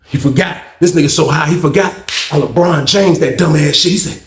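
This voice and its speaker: A man's voice: a little high, fairly quick, noisy background. A man telling a story in casual talk, swearing constantly and acting out what other people said. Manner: animated, acts out the other people's lines. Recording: echoey room.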